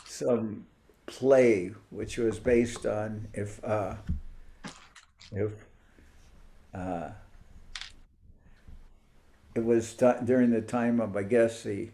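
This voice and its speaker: Brief: male spiritual teacher, slow gravelly delivery, informal video-call talk, thinks aloud and hunts for words. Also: on the low side, steady tone, dark tone. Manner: musing, searches aloud for words and names. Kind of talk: informal online talk to devotees.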